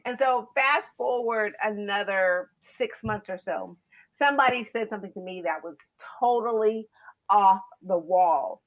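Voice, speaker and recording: A woman talks earnestly over a video call, spinning her story in a relaxed, chatty flow. Her voice sits mid-range, and the call audio comes through dull and slightly lo-fi. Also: medium pitch, measured pace. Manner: earnest, storytelling, frequent "you know". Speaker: guest, founder of a kindness initiative. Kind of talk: casual interview monologue.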